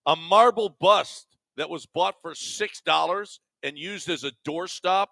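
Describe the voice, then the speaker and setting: Male radio co-host, bright tense tone, a touch high, dry close studio mic, wry news-of-the-day reader. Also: a little slow, creaky, dry recording. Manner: wry, teasing news delivery. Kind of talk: reading quirky news items in banter. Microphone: studio microphone.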